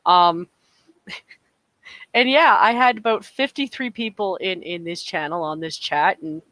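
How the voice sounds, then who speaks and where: A woman's voice: lowish voice, slow pace, fairly bright tone, no echo, low-quality recording. A Canadian woman from Alberta, co-hosting a casual podcast chat, chatty, laughing often and repeating words as she goes. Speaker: podcast co-host.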